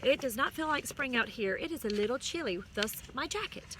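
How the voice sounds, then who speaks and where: A woman reading a storybook aloud to children, with a high, bright voice that swoops up and down. She is outdoors and stops now and then to explain words, and a faint hum sits behind her. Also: animated, fairly quick. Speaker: music teacher reading to her students. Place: outdoors on a chilly day.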